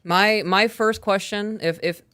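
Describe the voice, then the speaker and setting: A woman co-hosting a podcast live stream, reading listener questions and calmly explaining how she handles her kids. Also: mid-range voice. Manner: calm, measured, reads out listener questions. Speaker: podcast co-host. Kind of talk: casual live-stream Q&A chat.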